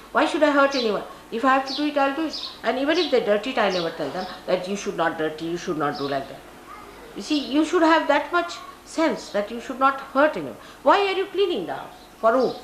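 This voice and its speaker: A woman's voice: sits high, fairly bright tone, a little hiss or hum. An older woman from India with an Indian English accent, giving a spiritual talk and telling stories in which she acts out the people she quotes. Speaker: spiritual teacher. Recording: roomy archival live recording.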